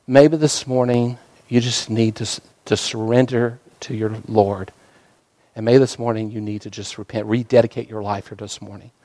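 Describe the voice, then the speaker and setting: A male pastor preaching a sermon through a story, dramatic, swinging from fervent bursts to hushed, softer passages. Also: mid-range voice, dry recording, poor audio.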